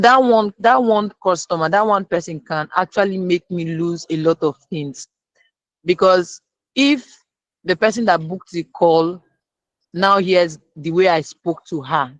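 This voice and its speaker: A speaker, sharing a personal lesson as a guest and retelling it lively, acting out the people in the story. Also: medium pitch, no room sound. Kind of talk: storytelling testimony.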